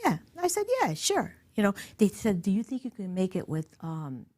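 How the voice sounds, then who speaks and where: A middle-aged woman, a podcast guest, telling a story in a casual, animated way, laughing and swearing freely. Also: medium pitch, normal speed.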